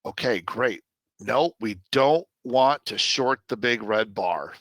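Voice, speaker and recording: A man teaching trading on a live webinar in a loose, chatty way, full of fillers and quick asides to his viewers. His voice is bright and forward, and the sound is dry and close with no room around it. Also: mid-range voice, expressive, no room sound.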